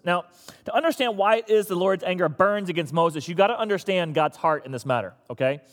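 A man's voice: high voice, brisk, in a large hall. A man preaching a sermon to his church in a conversational, teasing way. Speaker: pastor.

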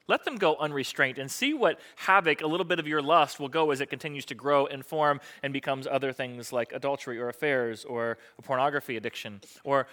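A man preaching a sermon as a pastor, in a conversational style that swings from hushed asides to emphatic declarations. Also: on the high side.

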